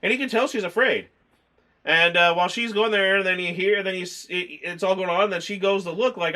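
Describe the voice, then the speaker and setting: A man's voice: high-pitched, quick pace, sharp tone. A man chatting casually through a movie review, rambling and acting out scenes in mock voices. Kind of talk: casual film review chat.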